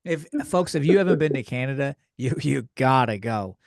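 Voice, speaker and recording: A man's voice: medium pitch, animated, moderate pace, creaky, dry recording, clean studio sound. A man with a Californian accent hosting a podcast, chatting in a joking, rambling, profane way. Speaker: podcast host. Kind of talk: casual comedic chat.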